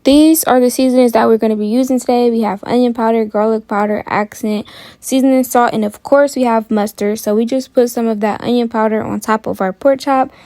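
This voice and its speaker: A woman hosting a cooking channel, talking viewers through a recipe in a chatty, relaxed way. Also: on the high side, no room sound. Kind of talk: casual cooking tutorial.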